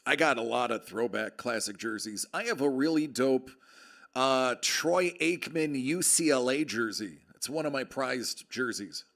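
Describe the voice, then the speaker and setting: Gravelly man with a projected radio voice. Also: mid-range voice, a little slow, fairly bright tone. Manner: projected, radio-style delivery; jokey, chatty, reads out viewer comments. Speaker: live-stream host. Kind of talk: casual live-stream chat. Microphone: close desk microphone with level meter.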